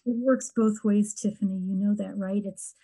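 A middle-aged woman talking earnestly and reflectively in a heartfelt conversation, often pausing and restarting. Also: medium pitch, fairly even intonation, mellow, low-quality recording. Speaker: guest sharing her grief story.

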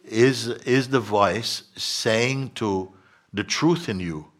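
A man guiding listeners as a spiritual teacher, soft-spoken, often dropping to a whisper and playfully acting out voices. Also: fairly low pitch, very slow.

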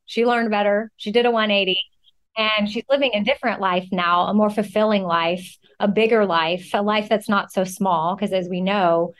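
A woman's voice: mid-range voice, steady tone, normal speed. A woman hosting a podcast, introducing her guest and asking questions with friendly enthusiasm. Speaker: podcast host. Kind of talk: podcast interview.

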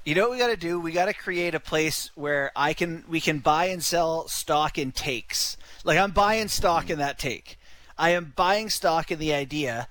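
A Canadian man with a slightly higher voice co-hosts casual sports radio. He muses aloud with restarts and poses rhetorical questions to his partner. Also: normal speed, hardly any pauses, a bit bright, dry recording.

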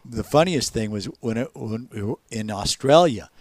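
Easygoing American co-host. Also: male voice, medium pitch, animated, normal speed, dry recording. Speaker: podcast co-host. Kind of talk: casual chat.

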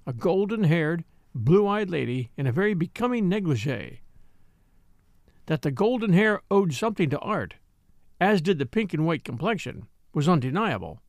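A man narrating a novel as an audiobook reader, in an expressive storytelling manner. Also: a little high, moderate pace, no echo, clean studio sound. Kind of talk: scripted narration.

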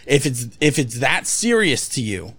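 A man's voice: medium pitch, very animated, measured pace, fairly bright tone, husky. A man co-hosting a podcast, ranting bluntly with lots of swearing. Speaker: podcast co-host. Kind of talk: casual podcast chat.

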